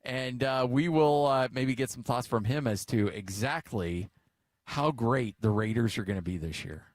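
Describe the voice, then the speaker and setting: A man's voice: mid-range voice, normal speed. A middle-aged American man hosting a sports radio show, chatty and joking, telling stories in a casual way.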